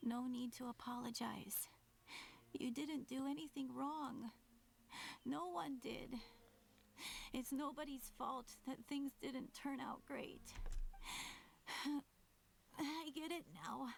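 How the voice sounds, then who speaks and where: A dying, gentle young sibling in a game cutscene, saying a soft and halting farewell. The voice sits high with a gravelly fry at the edges. Words come slowly, with long pauses between them. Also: female voice, steady tone, slight background noise, exaggerated voice. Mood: tender. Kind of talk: video game cutscene voice acting.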